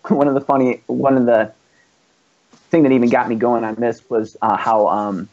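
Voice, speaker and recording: A man's voice: medium pitch, fairly even intonation, normal speed, a little mellow. A man, a band's founding musician, telling rambling, profanity-laced stories with laughs in a casual chat. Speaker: band founder and musician, guest. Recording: muffled lo-fi podcast recording.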